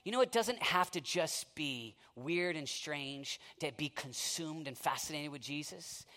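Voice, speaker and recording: A man preaching a sermon with impassioned delivery, swinging from near-shouting to hushed intensity and telling stories with acted-out asides. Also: on the high side, lively intonation. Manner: storytelling with quick asides and acted-out quotes.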